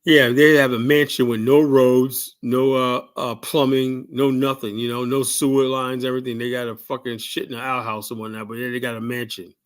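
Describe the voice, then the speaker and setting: An American man hosts a call-in show and delivers a heated, rambling rant. His voice sits at an ordinary pitch for a man. He keeps circling back with "you know?" and "right?" as he builds his point. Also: flat delivery, moderate pace, hardly any pauses. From United States. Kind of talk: ranting livestream commentary.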